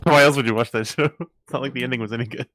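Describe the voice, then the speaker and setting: A man's voice: mid-range voice, very fast, fairly bright tone, no room sound. A man chatting casually as a player in an online tabletop game, teasing and laughing often.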